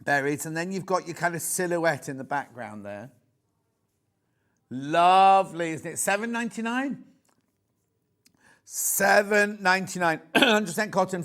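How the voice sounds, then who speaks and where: A man's voice: fairly high pitch, a bit bright. A man with a Yorkshire accent presenting a live shopping show, gushing and rambling in easy chat. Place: TV studio.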